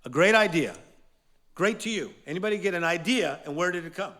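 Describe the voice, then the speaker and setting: A man with a fairly high voice runs a live motivational class, energetic and playful. He leads call-and-response chants and fires questions at the people in front of him. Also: a little fast. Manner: energetic, playful, quizzes the audience. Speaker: motivational teacher.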